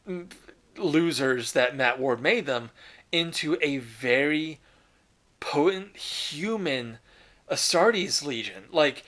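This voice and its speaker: A man's voice: medium pitch, a bit bright. A man hosting a casual commentary video, talking with enthusiasm, loose slang and the odd swear.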